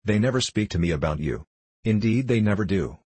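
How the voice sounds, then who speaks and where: A man reading an audiobook, voicing a gentle little girl who speaks earnestly and pleadingly. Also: lowish voice, expressive, fairly quick, husky, no echo.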